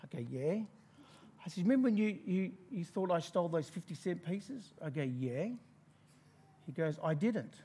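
An Australian man preaching a sermon, telling a personal story in an animated way and laughing through it. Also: sits high, fast, hardly any pauses, husky.

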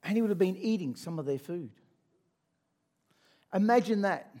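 A man preaching, retelling a story in a conversational, animated way with asides to listeners. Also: sits high, unhurried, gravelly, pauses often. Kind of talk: sermon storytelling.

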